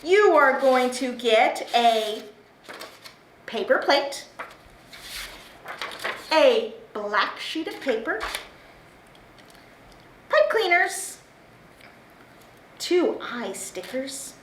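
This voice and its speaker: A woman's voice: high voice, very animated, drawn-out words, long pauses. A woman children's librarian leading a story time and craft, talking to young kids in a cheerful, sing-song way. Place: library room. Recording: roomy echo, faint background hiss.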